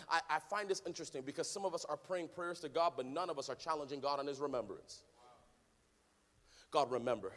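A man preaching a sermon to a congregation, swinging from low conversational talk to loud sing-song shouting. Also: long reverb tail. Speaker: pastor. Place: church hall with congregation.

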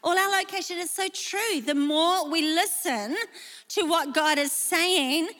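A woman preaches a sermon in a high, bright voice, chatty and quick to poke fun at herself, with frequent laughs. Her talk rings with the long reverb of a large church auditorium. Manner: chatty, self-deprecating, laughing often. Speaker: pastor.

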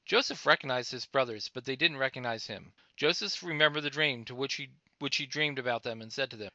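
A man reading a scripture chapter aloud in a steady, plain way, now and then stumbling and restarting a word. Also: mid-range voice, fairly quick, hardly any pauses, no echo. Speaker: Bible reader. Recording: dull, dry lo-fi recording.

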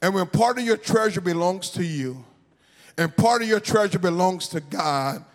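High-voiced man preaching in a sing-song chant. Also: expressive, moderate pace. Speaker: pastor. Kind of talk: sermon. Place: church sanctuary. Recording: live church hall with reverb and faint music.

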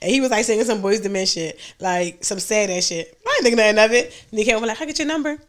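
A young woman hosting a podcast, telling loud, laughing stories in casual chat and acting out the people she quotes. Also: mid-range voice, very fast. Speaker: podcast host.

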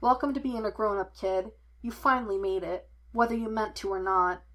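A woman voicing a weary, steady older father who is a former cop, speaking in a measured, firm and patient way. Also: mid-range voice, natural voice. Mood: gentle.

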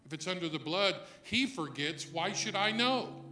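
A man preaching a sermon as pastor, moving between quiet reflection and loud emphatic passages. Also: sits high, animated, normal speed, roomy sound.

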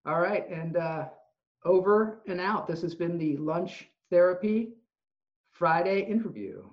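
Male podcast host, slightly raised pitch, animated storyteller, muffled lo-fi recording. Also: measured pace. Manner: animated storyteller, acts out quotes. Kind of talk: casual interview chat. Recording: dull lo-fi sound.

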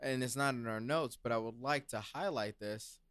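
A man's voice: medium pitch, moderate pace, fairly bright tone, smooth, no room sound, studio quality. A man co-hosting a casual podcast, teasing and cutting in with emphatic remarks. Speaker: podcast co-host. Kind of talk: casual chat.

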